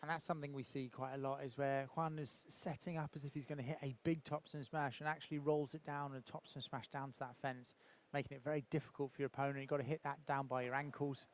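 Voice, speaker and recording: A man giving relaxed, chatty live commentary on a padel match, with frequent ums and small laughs. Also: mid-range voice, quick pace, hardly any pauses, slight background noise.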